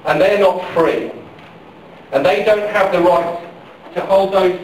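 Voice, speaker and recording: Heard from a distance in a very echoey, faintly noisy hall, a middle-aged campaign speaker addresses a public forum while the power is out. His voice is high-pitched and a little slow, and his impassioned political speech keeps circling back to repeated questions and phrases.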